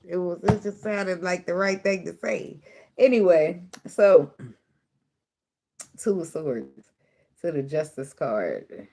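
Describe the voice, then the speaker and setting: A woman's voice: on the low side, big pitch swings, takes it slowly, long pauses, a little mellow. A woman giving a casual tarot reading, blunt and profane, often breaking into laughter. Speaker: tarot reader.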